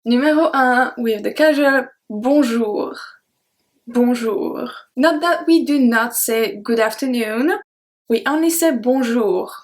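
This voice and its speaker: A woman's voice: high-pitched, a little slow. A woman who speaks natively, teaching in a chatty way and repeating each word for practice. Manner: chatty, explains with examples and repeats words. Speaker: French teacher. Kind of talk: casual video lesson. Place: home in Canada.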